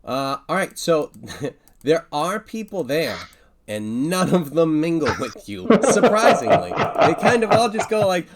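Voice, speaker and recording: A man's voice: a little high, big pitch swings, a little slow, crowd noise. A man narrating as game master of a tabletop game, hesitant with many fillers.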